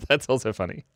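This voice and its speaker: A middle-aged man with an Australian accent chatting casually with viewers of his livestream at home, speaking quietly and laughing often. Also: very high-pitched. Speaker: livestream host. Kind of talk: casual chat reading viewer comments. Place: home, early morning. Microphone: microphone worn near the beard.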